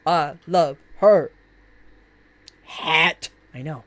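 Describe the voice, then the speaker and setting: A woman chats on a live stream in a casual, gushing way, laughing often and swearing freely. Her pitch swoops up and down with lively energy, and she sits in a middle register. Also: unhurried.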